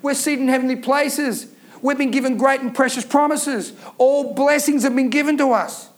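A man preaches to his congregation with fervent, emphatic repetition. His voice sits remarkably high for a man. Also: fairly even intonation, fairly quick, fairly bright tone. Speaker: pastor. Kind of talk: sermon.

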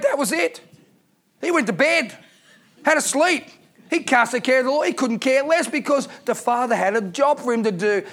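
A man's voice: extremely high pitch, a bit bright. A man preaching a sermon as pastor, reading scripture aloud and asking the congregation rhetorical questions.

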